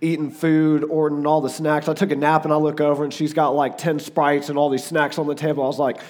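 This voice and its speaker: A hoarse man in his forties with a Southern US drawl, speaking a touch higher than most men. He chats and jokes through his stories as a guest preacher. He leans on "like" and "uh" as he talks. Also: flat delivery, fast, darkish tone. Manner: chatty and joking, lots of "like" and "uh". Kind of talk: casual storytelling before a sermon.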